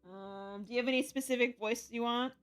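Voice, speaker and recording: A woman's voice: fairly high pitch, steady tone, brisk, clean tone, soft background music. A woman streamer chatting casually on a live stream, laughing often and using lots of fillers.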